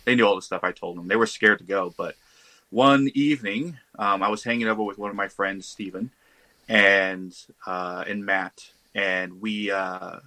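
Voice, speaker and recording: A man, a podcast guest, telling a ghost story in a casual, animated way. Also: low-pitched, normal speed, no echo, low-quality recording. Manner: animated, acts out quoted voices.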